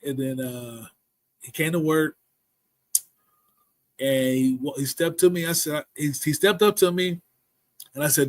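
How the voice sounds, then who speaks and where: A man tells a story on a casual podcast, swearing freely and laughing as he goes. His voice sits a little high for a man. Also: unhurried, pauses often, low-quality recording. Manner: profane, animated, laughs often.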